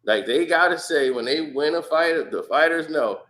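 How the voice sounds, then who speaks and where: A man's voice: a little high, moderate pace, hardly any pauses, a bit bright. A man in casual podcast chat, telling stories animatedly, acting out quotes and laughing often. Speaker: podcast guest.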